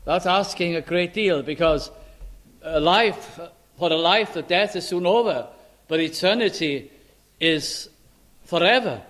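A preacher with a high-pitched voice delivers a sermon, leaning slowly and heavily on quoted scripture. He pauses to put rhetorical questions to his listeners. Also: a bit bright. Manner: slow, emphatic scripture reading with rhetorical questions.

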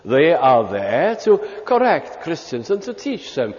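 Older british preacher, slow and emphatic, lots of pauses, dull old recording in a big echoey hall. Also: male voice, fairly high pitch, huge pitch swings, darkish tone. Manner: measured, emphatic preaching with long pauses and quoted hymn lines. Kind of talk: sermon. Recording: lo-fi hall recording with long reverb.

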